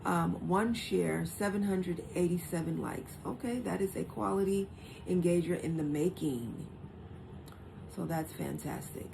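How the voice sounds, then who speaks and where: Female stream host, lowish pitch, chatty and reassuring; noisy stream audio. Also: measured pace, gravelly. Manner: reassuring, chatty, reads stats aloud. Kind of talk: casual live stream hosting.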